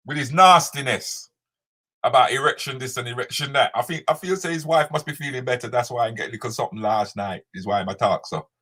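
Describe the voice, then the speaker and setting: A comedian moderating a live chat is mixed in, his bright, forward voice medium-pitched and slightly rough as he ribs everyone. He reads comments on the casual stream, bantering with viewers by name and slipping into Jamaican patois.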